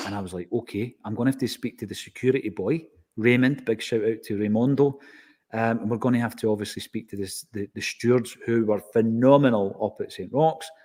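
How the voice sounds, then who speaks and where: A man's voice: fairly low pitch, fairly quick. A man with a Scottish accent telling a story in casual podcast chat, acting out the exchanges he quotes. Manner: animated anecdotal, acts out quoted exchanges.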